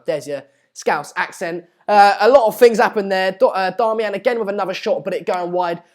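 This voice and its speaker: A man's voice: high voice, fairly quick, hardly any pauses. Chatty man hosting a football stream. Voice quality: chatty, reads viewer comments aloud. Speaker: live stream host. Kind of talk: casual match watchalong commentary.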